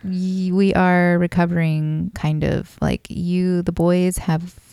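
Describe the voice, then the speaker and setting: A woman's voice: on the low side, little pitch movement, slow, gravelly, warm tone, clean tone, no room sound, clean studio sound. A woman in her thirties co-hosting a casual couple's podcast, rambling with lots of fillers and giggles. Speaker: podcast co-host. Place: darkened room at home. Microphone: studio microphone.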